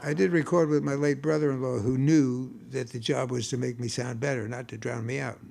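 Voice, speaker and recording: Gravelly older bluesman rambling onstage. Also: mid-range voice, fairly even intonation, a little fast, a little mellow, a little hiss or hum. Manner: wry, rambling, with stammered restarts. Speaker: blues guitarist and singer. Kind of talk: storytelling stage banter between songs. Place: concert stage.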